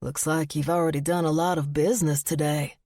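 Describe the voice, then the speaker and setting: Woman doing a deep-voiced southern charmer. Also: fairly even intonation, dark tone, dry recording. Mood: flirty. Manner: slow, teasing drawl. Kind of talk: audiobook narration.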